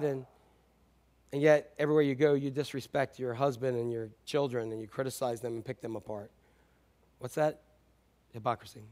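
A man preaching a sermon as a pastor, animated, swinging between loud and hushed delivery. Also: medium pitch, normal speed, pauses often.

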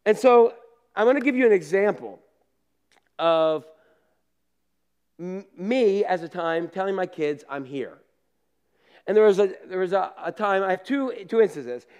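A male pastor preaching casually, telling lively personal stories, acting out scenes and laughing at himself, with asides to the congregation. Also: high voice, normal speed, long pauses, smooth, lo-fi sound. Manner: animated storyteller, acts out scenes and laughs at himself.

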